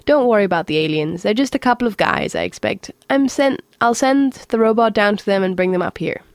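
A woman doing a bright, lilting young pilot. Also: mid-range voice, big pitch swings, brisk, no room sound. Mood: calm.

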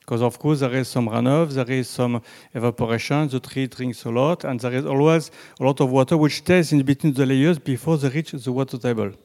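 A man with a French accent, a native French speaker, giving a slow, halting presentation with slides and frequent restarts. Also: mid-range voice, fairly even intonation, a little mellow. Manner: halting, many restarts and fillers, deliberately slow. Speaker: presenter on groundwater.

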